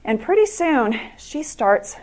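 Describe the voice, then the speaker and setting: A middle-aged woman giving an earnest talk to an audience, telling true stories in a halting way with many restarts. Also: on the high side, sing-song, darkish tone.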